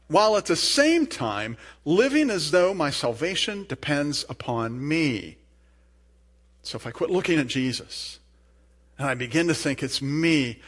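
A man preaching a sermon, earnest and emphatic, with rising bursts and soft asides. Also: a little high. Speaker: pastor.

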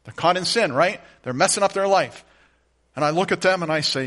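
A middle-aged man delivers a sermon in a fairly high voice. He talks to the congregation like friends, then lifts into emphatic, rising statements of faith. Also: fairly quick, a bit bright. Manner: conversational, building to emphatic declarations. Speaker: pastor.

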